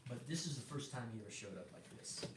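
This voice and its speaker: Middle-aged man telling an animated testimony. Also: mid-range voice, fast talker. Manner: animated storyteller acting out dialogue, restarts and fillers. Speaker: guest sharing a personal testimony. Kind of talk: casual spoken testimony. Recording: roomy sound from a distant mic with background noise.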